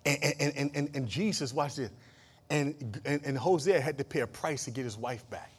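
A male pastor preaching a sermon, dropping to quiet asides, then rising to shouted emphasis with jokes and call-and-response to the congregation. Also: medium pitch, normal speed, slightly rough. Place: church.

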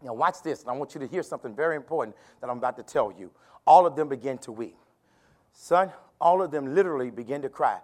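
A bishop preaching a sermon at a church service, calling out to the congregation and building to shouts, repeating phrases for emphasis. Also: male voice, medium pitch, animated, fast talker. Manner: repeats phrases, tells listeners to turn to neighbor.

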